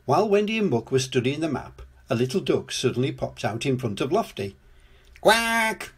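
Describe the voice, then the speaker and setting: An older man reading a children's storybook aloud in a gentle, lively storytelling manner. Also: mid-range voice, brisk, slightly rough.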